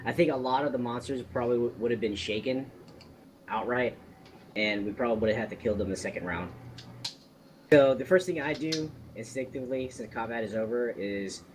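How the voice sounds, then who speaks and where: A man chats casually as a player in a tabletop game. His voice is mid-pitched. He hesitates and repeats himself as he works things out, with a faint hiss behind him. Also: brisk.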